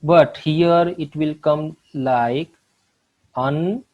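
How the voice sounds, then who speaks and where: A man from India teaching English literature, walking through exam questions with frequent pauses and fillers, calling his viewers friends. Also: fairly high pitch, fairly even intonation, a little mellow, lo-fi sound. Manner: slow, halting, many fillers, addresses viewers as friends. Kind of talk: exam solution lecture.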